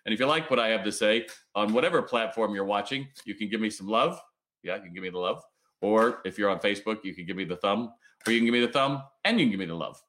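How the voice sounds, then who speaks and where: A man hosting a business livestream, ranting bluntly and swearing as he pushes retailers to plan and fight. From United States. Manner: blunt, fiery, swears, lively swings in pitch. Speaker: business coach livestream host. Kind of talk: ranting motivational livestream talk.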